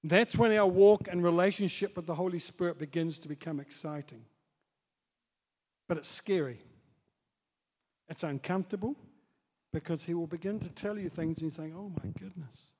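High-voiced man preaching in an echoing hall. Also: normal speed. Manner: swings from soft asides to loud excited storytelling. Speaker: pastor. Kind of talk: sermon. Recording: long hall reverb.

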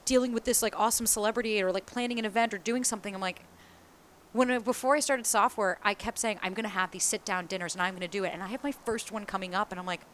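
A woman's voice: mid-range voice, steady tone, quick pace, a bit bright, a little hiss or hum. A woman from the US East Coast in casual conversation, speaking candidly and animatedly, swearing freely and acting out the voices of people she quotes. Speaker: small business founder.

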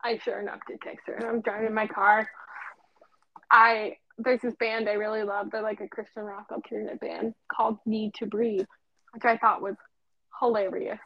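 A woman telling a story in casual chat, animated, swearing freely and acting out past conversations. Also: mid-range voice, normal speed, no echo, highs cut off.

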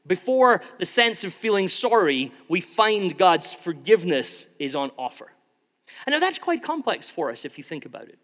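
A man's voice: high-pitched, fairly bright tone. A man preaching a sermon in a church, talking conversationally and acting out small examples as he goes. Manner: conversational, acts out examples with shifting tone. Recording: long reverb of a large hall.

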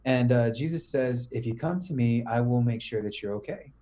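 A young man on a podcast, retelling a story in casual slang, animated, full of "bro" and "right?". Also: medium pitch, normal speed. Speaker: podcast guest.

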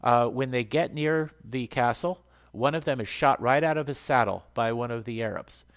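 A man's voice: mid-range voice, moderate pace. A man hosting a casual book talk, explaining in an earnest way and reading passages aloud. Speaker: host.

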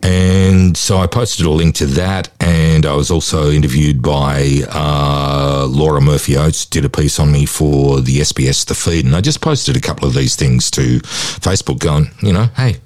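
A man's voice: rumbling low, normal speed, dry recording. A middle-aged man, a voice-over artist, telling his story candidly as an interview guest and acting out the people he quotes. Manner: acts out quoted people in lively put-on voices.

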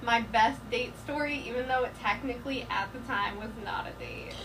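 A woman's voice: a little high, brisk. A woman guest on a podcast, talking casually and rambling with many fillers. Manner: rambling, full of fillers and giggles. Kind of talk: casual chat. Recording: distant mic with background noise.

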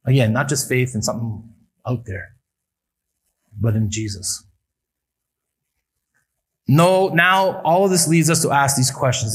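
Male pastor, mid pitch, sermon delivery with emphatic rises and quiet landings. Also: unhurried, long pauses, slightly rough, low-quality recording. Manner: preaching with rising emphatic appeals and quiet drops. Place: church service.

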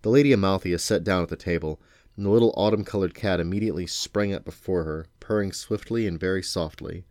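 Deep-voiced dad reading a story aloud. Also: male voice, fast, darkish tone, no room sound, clean studio sound. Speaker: parent reading to his children.

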